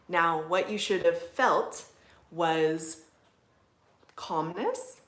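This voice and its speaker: A woman hosting a casual livestream, chatting and answering viewer comments in a relaxed way with frequent "like"s and soft laughs. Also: lowish voice, drawn-out words, long pauses, echoey room. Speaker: livestream host, manifestation coach. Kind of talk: casual live-stream chat reading viewer comments. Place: indoors at home.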